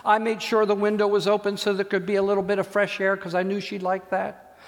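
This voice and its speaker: A man's voice: sits high, brisk. A man preaching a sermon, telling a story and acting out the voices in it. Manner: animated storyteller, acts out voices. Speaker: pastor. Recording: long hall reverb.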